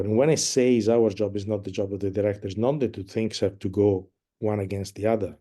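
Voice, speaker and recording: Slow, hesitant man explaining opera. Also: fairly low pitch, warm tone, breathy edge. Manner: hesitant, many fillers, sings and hums musical phrases. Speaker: opera conductor teaching a masterclass. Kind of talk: masterclass explanation.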